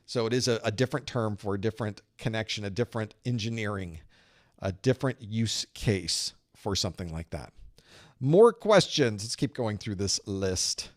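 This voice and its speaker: A man's voice: fairly low pitch, expressive, normal speed. A man hosting a live-streamed certification study group, explaining with casual analogies and playful sound-effect narration. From Southern United States.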